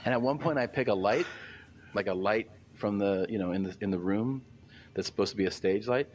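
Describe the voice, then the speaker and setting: A comedian telling a story in casual chat, rambling and animated. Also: male voice, on the low side, fairly quick, a little hiss or hum. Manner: rambling, filler-heavy, animated retelling.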